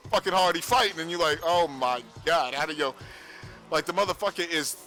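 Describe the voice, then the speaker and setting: A man talks casually to his stream audience, his voice bright and forceful and a touch higher than most men's. He tells a profane, animated story and laughs often. Faint music plays behind him. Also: fairly quick. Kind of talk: casual livestream chat. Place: home streaming setup.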